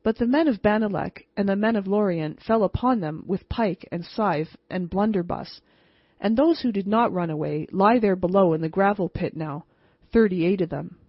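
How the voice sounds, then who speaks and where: Lady reading as a shrill cranky old village mayor, grumbly, a bit husky, dull old audiobook sound. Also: normal speed, dry recording. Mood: storytelling. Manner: shrill, complaining. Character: irritable older male Breton village mayor.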